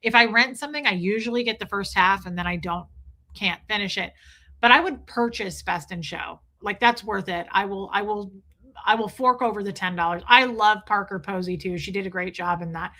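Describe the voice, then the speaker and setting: A woman's voice: mid-range voice, fairly quick, sharp tone. A woman live streaming in casual chat, gushing and rambling as she answers viewers' comments. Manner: gushing, enthusiastic, rambling with restarts.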